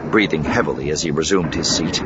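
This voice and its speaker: Deep-voiced male audiobook narrator. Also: brisk. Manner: expressive, dramatic reading. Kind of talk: scripted narration. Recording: dull lo-fi with steady noise.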